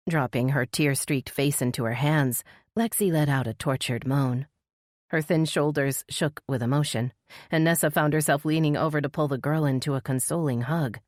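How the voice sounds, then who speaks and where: A woman narrating a mystery audiobook in a measured, even storytelling manner. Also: deep voice, no room sound, studio quality. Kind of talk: scripted narration.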